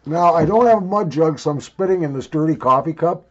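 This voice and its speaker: An older man reviews chewing tobacco in a loose, joking, crude ramble, his words thick from the wad in his cheek. His voice sits a little high. The recording sounds dull and lo-fi. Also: expressive, fairly quick. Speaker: video reviewer. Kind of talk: casual tobacco review vlog.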